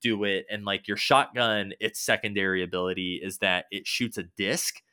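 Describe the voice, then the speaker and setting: A man's voice: fairly low pitch, flat delivery, normal speed, sharp tone, clean tone, dry recording, studio quality. A man casually rambling about a video game, loose and swearing now and then, with many fillers.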